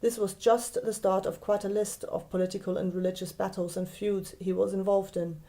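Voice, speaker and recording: A young German-accented woman talks through a scripted explanation in a clear, careful way, slowing down whenever she spells out a word from her native language. Her voice is mellow and soft-edged, and her pitch sits in an ordinary middle range. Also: level tone. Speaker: podcast host.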